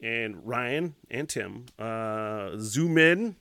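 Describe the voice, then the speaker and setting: A man hosting a solo podcast, telling a rambling story with lots of swearing, laughing as he talks and shouting sound effects. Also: mid-range voice, animated, drawn-out words, no echo. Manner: laughs while talking. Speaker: podcast host.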